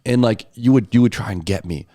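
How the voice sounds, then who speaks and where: A young man in his twenties in a casual chat who tells animated stories, swears freely and mimics the voices of the people in them. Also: fairly low pitch, brisk, no echo.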